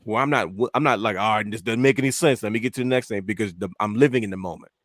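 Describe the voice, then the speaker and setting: Fast-talking man with a low voice. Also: dry recording, clean studio sound. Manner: animated storytelling, acting out his own reactions. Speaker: podcast co-host. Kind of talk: casual chat.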